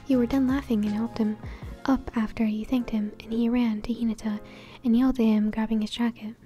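Woman narrator, whispered role-play, mellow and flat, fairly high. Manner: soft whispered reading. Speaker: fanfiction reader.

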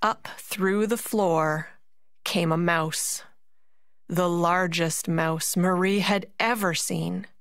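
Woman narrator, fairy tale reading, very slow, dry recording. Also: on the low side, fairly even intonation, no echo. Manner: slow, deliberate storytelling with dramatic pauses. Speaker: narrator and puppeteer. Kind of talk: storytelling narration for a concert.

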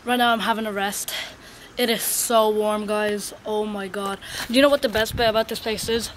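A young woman chatting excitedly to her handheld camera while walking around outdoors, filling her talk with "like" and "guys". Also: medium pitch, moderate pace. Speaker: vlogger. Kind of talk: casual travel vlog. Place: outdoors on a hot hillside and beach. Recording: noisy outdoor camera audio with wind.

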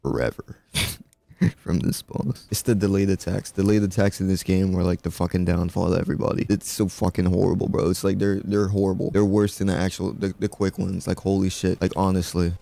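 A man's voice: sits low, level tone, a little fast, creaky, mellow, dry recording. A young man giving profane commentary over his own gameplay into a headset, repeating lines and venting at a boss fight. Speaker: gaming channel host. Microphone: gaming headset.

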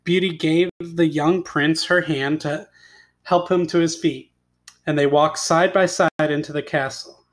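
A male teacher reading a fairy tale aloud expressively and stopping to ask his students questions. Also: on the high side. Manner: expressive read-aloud, pausing for questions to the class.

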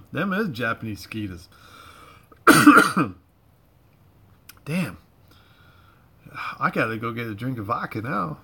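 A middle-aged Florida man with a bright, forward voice and a loose Southern drawl flecked with Cajun, chatting casually to a livestream audience. He rambles, restarts his sentences and leans on folksy slang, talking from his home garage. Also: mid-range voice, big pitch swings, takes it slowly, pauses often. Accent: Southern US drawl with Cajun touches. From Florida, USA. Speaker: livestream host.

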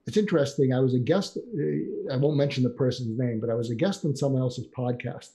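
An older man, a psychiatrist guest in a conversational interview, telling animated stories and acting out quoted dialogue. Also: mid-range voice, a little fast.

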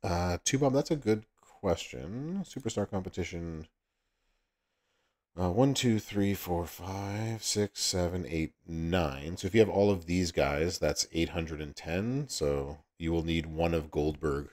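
A man's voice: low-pitched, a little slow, darkish tone. A man with a Southern US accent hosting a livestream, chatting casually with viewers and laughing often. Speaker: livestream host.

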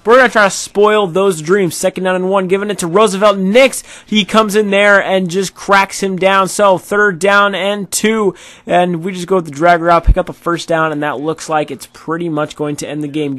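A man's voice: sits high, steady tone, normal speed, fairly bright tone, no echo. Tired man giving gameplay commentary. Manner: rambling, filler-heavy. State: tired, yawning. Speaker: gaming YouTuber.

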